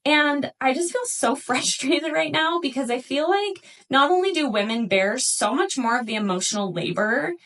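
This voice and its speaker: A mother in her thirties talking to camera in a personal vlog, upset and crying, halting with many fillers. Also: fairly high pitch, fairly bright tone. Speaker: vlogger.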